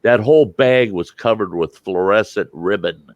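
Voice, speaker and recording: Older host, folksy yarn-spinner, low and dry. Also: male voice, moderate pace, dry recording, muffled recording. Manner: folksy storyteller, laughs a lot. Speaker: livestream host. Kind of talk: casual chat.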